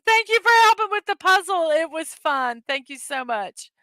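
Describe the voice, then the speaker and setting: Giggly high-voiced woman hosting a morning show. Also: lively intonation, unhurried, pushed and bright, dry recording. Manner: giggly, chatty, frequently laughing at her own jokes. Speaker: host of a daily morning show. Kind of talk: casual livestream chat reading memes.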